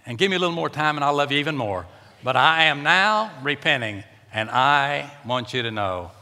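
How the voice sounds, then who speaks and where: A man's voice: mid-range voice, expressive, moderate pace, gravelly, pushed and bright. A man preaching a sermon as pastor in a church, emphatic and repeating words for stress. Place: church sanctuary. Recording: long reverb of a large church.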